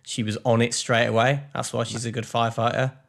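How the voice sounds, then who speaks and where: A man's voice: medium pitch, flat delivery, fast talker, gravelly. Teasing, jokey podcast co-host man. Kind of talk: casual chat.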